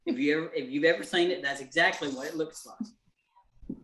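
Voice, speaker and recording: A man's voice: on the high side, fairly even intonation, normal speed, sharp tone, echoey room. A man with a Southern accent, hosting a cooking session on a video call and telling folksy stories. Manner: folksy storyteller. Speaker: cooking class host. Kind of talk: casual chat on a video call.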